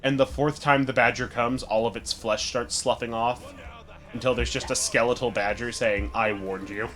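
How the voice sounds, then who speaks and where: Guy hosting a game stream, middle pitched, kinda rambly, game music under him. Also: steady tone, normal speed, fairly bright tone. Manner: rambling, storytelling with fillers. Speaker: stream host playing the game. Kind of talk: casual gaming stream chat.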